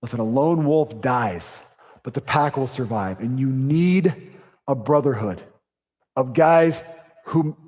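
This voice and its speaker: A man preaching a sermon in a church, in a conversational, punchy style with quick asides and sarcasm. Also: mid-range voice, animated, a little mellow, long reverb tail. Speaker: pastor. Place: church sanctuary.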